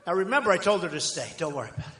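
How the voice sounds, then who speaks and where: An older man giving a rambling, boastful campaign rally speech, conversational with sudden loud bursts. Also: high-pitched, very animated, racing, a little hiss or hum. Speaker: political candidate at a rally. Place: large outdoor rally crowd. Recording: echoey rally PA with crowd ambience.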